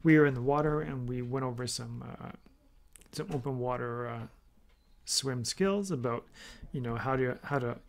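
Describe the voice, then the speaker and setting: A man's voice: mid-range voice, moderate pace, creaky. A man hosting a triathlon coaching podcast, talking casually and telling stories that act out quoted dialogue. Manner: storytelling, acting out quoted dialogue. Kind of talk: casual solo podcast talk.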